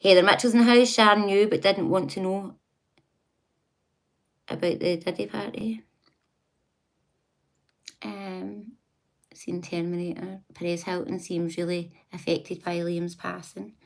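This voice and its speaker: A woman's voice: lowish voice, fairly even intonation, a little slow, gravelly, long pauses. A woman hosting a casual livestream, chatting, laughing often and talking back to her viewers. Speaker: livestream host.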